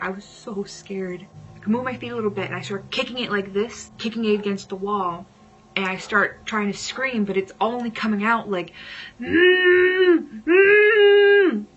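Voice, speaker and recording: A woman vlogger telling a personal story casually, dramatic and at times dropping into hushed whispers. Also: medium pitch, dull audio.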